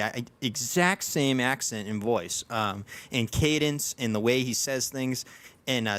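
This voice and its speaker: A man's voice: medium pitch, fairly bright tone. A man hosting a podcast, chatting casually and rambling through many restarts and fillers. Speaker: podcast host. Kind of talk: casual chat.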